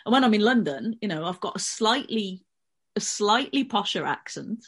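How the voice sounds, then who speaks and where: A woman's voice: mid-range voice, expressive, moderate pace, slightly rough. A middle-aged woman with a Birmingham accent, talking through ideas at length as a guest in a casual podcast discussion. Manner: conversational, explaining at length. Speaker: panel guest columnist.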